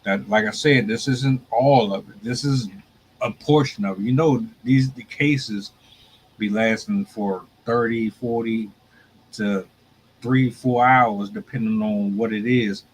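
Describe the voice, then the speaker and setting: A man's voice: fairly low pitch, fairly even intonation, measured pace, slight background noise, low-quality recording. A man hosting a podcast, talking in a loose, rambling, slangy way before playing a clip. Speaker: podcast host. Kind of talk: casual commentary.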